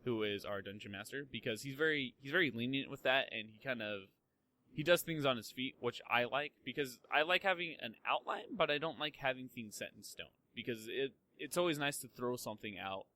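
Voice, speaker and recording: A man's voice: mid-range voice, expressive, fairly quick, sharp tone. A young man hosting a podcast in casual chat, rambling with lots of fillers and restarts and swearing freely. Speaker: podcast host.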